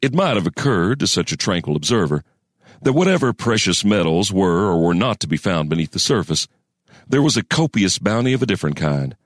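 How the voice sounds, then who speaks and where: Deep voiced guy narrating a frontier tale, lots of ups and downs, dry close sound. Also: big pitch swings, dry recording. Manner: folksy storyteller cadence with deliberate pauses. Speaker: audiobook narrator. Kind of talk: scripted narration of a western story.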